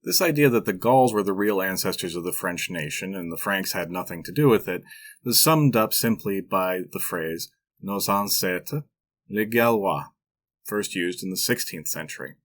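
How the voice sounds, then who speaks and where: A man's voice: sits low, expressive, normal speed. A man hosting a history podcast, narrating from a script with dry, wry asides. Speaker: podcast host.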